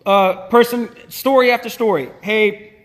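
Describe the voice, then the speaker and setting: Animated man telling his story, echoey room. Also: sits high, normal speed. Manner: animated, restarts and acts out past dialogue. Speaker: small business owner telling his faith story. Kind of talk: casual storytelling talk.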